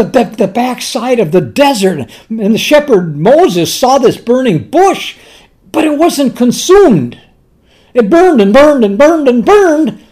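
A man preaching a sermon, teaching slowly and deliberately with emphatic pauses. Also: high voice, a little mellow.

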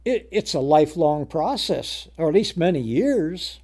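High-pitched, mellow-voiced male preacher. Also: very animated, measured pace. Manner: reads scripture aloud in old-fashioned wording, then explains in plain speech; repeats words and restarts, rising to loud emphasis on key words. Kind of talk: sermon with scripture reading.

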